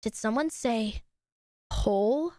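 A woman streamer chatting casually on a live stream, laughing often, swearing freely and bursting into excited shouts. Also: a little high, takes it slowly, crowd noise.

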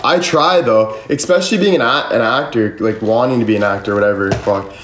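Young guy on a livestream answering chat, says like a ton, swears, mid-pitched voice, echoey room. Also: fairly quick, background noise. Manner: rambling, swears a lot, constant "like" fillers. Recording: echoey room with faint ambience.

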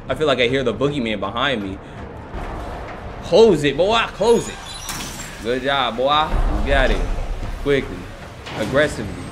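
Excitable man yelling through a horror game. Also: mid-range voice. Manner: excitable, yelling and joking while playing. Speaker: gaming channel host. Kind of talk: let's play commentary.

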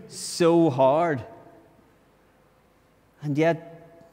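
This Northern Irish man preaches slowly, with long pauses, in a steady, mid-range, darkish voice. His conversational sermon is earnest; he keeps restarting words and dramatizes inner grumbles, all under long church reverb.

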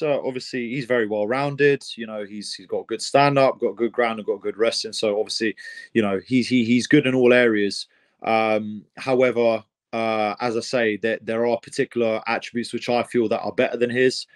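Speaking at a normal speed, a young man with a medium-pitched voice responds to interview questions as a professional fighter. His answers are excitable and meandering, packed with fillers and restarts.

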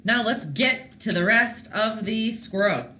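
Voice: medium pitch, measured pace, pushed and bright, roomy sound, slight background noise. A host teaching a live-streamed painting lesson in a chatty, encouraging way, talking to viewers in the chat.

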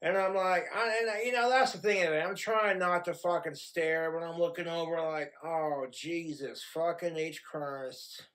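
A man's voice: high voice, fairly even intonation, a little fast, hardly any pauses, fairly bright tone. A man vlogging at home, ranting bluntly and crudely in a rambling, profane monologue. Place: home in Wyoming.

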